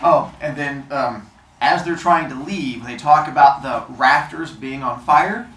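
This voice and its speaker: A male teacher reading a novel aloud to his class, then discussing it in an animated, jokey way and acting out the scenes. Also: mid-range voice, a little slow, echoey room, slight background noise, poor audio.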